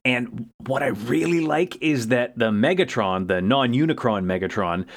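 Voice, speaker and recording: A man's voice: medium pitch, moderate pace. A man co-hosting a casual podcast, recapping a cartoon episode and acting out characters' lines in goofy voices. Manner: animated, acts out characters' lines in funny voices. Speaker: podcast co-host.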